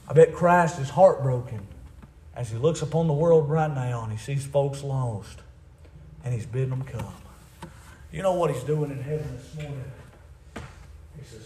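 Man, preacher, fiery sermon, hushed pleading, echoey church, faint noise. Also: unhurried, pauses often. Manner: swings from shouted high preaching to hushed tender pleading.

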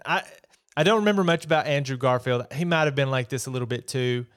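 A podcast host delivers a casual, opinionated solo movie review, chatty and exasperated. His medium-pitched voice is clear and resonant.

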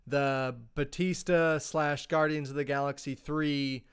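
A man co-hosts a casual podcast chat, his voice sitting a little high and coming through smooth and clean. He wanders through his points, restarting and filling gaps as he goes. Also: fairly even intonation, measured pace. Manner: chatty, rambling with fillers. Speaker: podcast co-host.

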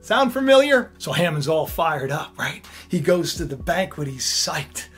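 A preacher retells a scripture story with lively energy and frequent asides to the listeners. The voice is husky. Soft music plays faintly underneath. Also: mid-range voice, unhurried.

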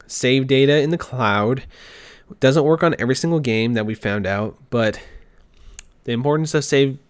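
A man's voice: medium pitch, moderate pace, clean tone, no room sound. A man casually recapping a game showcase on his own show, rambling, correcting himself and acting out fan reactions. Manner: rambling, self-interrupting, mock-acts fan reactions. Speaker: gaming podcast host. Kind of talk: casual solo commentary. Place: home desk.

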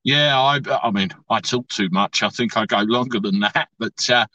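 Bright man on a distant lo-fi call. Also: lowish voice, moderate pace, no echo. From England. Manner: bright and eager, stumbling with fillers. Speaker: podcast guest, cab driver. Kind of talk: casual interview chat. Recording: distant, dull, lo-fi sound.

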